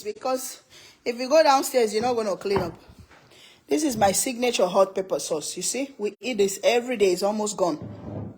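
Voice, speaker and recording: Chatty, playful cooking-show mom. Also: female voice, mid-range voice, normal speed, darkish tone. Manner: chatty, playful, laughs often. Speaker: cooking channel host. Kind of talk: casual livestream cooking chat.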